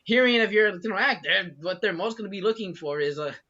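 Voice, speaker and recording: A man chatting on a podcast with a bright, animated voice that swings up and down in pitch. He laughs often, swears casually and fills his sentences with "um" and "like". The recording sounds dull and lo-fi. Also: fast. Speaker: podcast co-host. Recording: muffled lo-fi recording.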